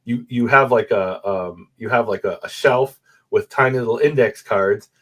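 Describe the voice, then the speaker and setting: A man's voice: fairly low pitch, moderate pace. A man explaining his research as a guest scholar in a conversation, speaking over a video call and often checking in with "right?". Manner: animated, explains step by step with frequent "right?" checks. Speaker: guest, Bible manuscript scholar. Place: room with a bookshelf photo backdrop.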